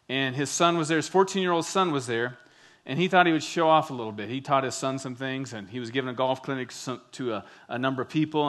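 A man preaching a sermon, telling stories with lively, animated delivery and acted-out quotes. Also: medium pitch. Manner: animated storytelling, acts out quotes. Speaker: pastor.

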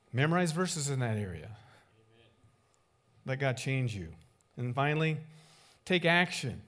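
A man preaching a sermon as a pastor, animated, acting out short dialogues with big swings in loudness. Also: a little high.

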